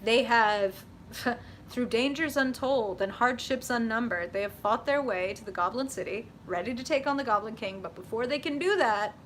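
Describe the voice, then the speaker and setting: A young woman hosting a live tarot reading, chatting with viewers in an animated, casual way, swearing freely and saying "like" often. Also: a little high, slight background noise.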